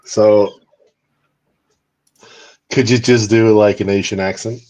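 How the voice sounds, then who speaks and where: Low-voiced man teasing on a call. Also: fairly even intonation, slow, darkish tone. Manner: teasing, curious questions. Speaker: guest on call. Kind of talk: casual livestream chat.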